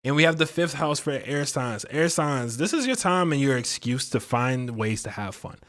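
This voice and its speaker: A man hosting a livestream tarot and astrology reading in a casual, chatty way, joking at his own expense and filling pauses with "like" and "um". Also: medium pitch, lively intonation, fairly bright tone. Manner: chatty and playful, laughs at himself, many fillers.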